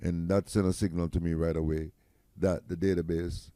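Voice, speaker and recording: A man's voice: deep voice, little pitch movement, normal speed, dark tone, no echo. A middle-aged man with a Jamaican accent, chatting loosely as he demos his own AI website and keeps checking in with "right?". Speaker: tech founder demoing his AI site. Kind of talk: casual screen-share demo.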